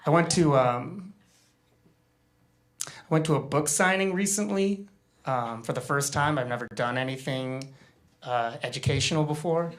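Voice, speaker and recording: A man's voice: on the high side, a bit bright. A man doing a live stand-up set, telling a self-deprecating story with stammers and acted-out quotes. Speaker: stand-up comedian. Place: live comedy stage before an audience.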